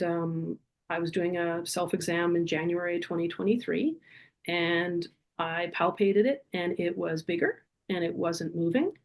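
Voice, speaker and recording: Guest, middle-aged woman, lower register, earnest and vivid storyteller. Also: darkish tone. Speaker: podcast guest. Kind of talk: personal storytelling in an interview.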